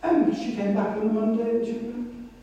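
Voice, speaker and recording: A woman's voice: a little high, flat delivery, moderate pace, dark tone, recorded from a distance, muffled recording. Woman preaching in an echoey hall. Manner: reflective, storytelling. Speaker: missionary speaker. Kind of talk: sermon with personal testimony.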